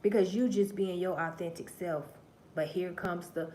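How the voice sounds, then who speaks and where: Woman host, lowish voice, profane and preachy livestream monologue that drops to murmurs and then rises to loud bursts, faint hiss behind. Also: steady tone, normal speed. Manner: profane, preachy storytelling addressing viewers as y'all; swings between low murmurs and loud emphatic bursts.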